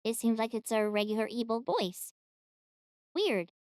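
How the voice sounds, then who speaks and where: A woman's voice: fairly high pitch, expressive, measured pace, darkish tone, clean tone, no room sound, studio quality. A woman giving casual reaction commentary, giggly and apologetic. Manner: giggly and apologetic, often breaking into laughter. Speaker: YouTube reactor.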